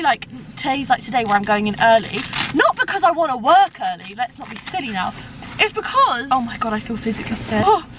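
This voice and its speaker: A young woman with a British accent chatting to camera on her phone in a car, rambling, self-deprecating and swearing freely. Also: sits high. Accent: British English. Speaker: vlogger. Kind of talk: casual chat to camera. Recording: car interior with road noise.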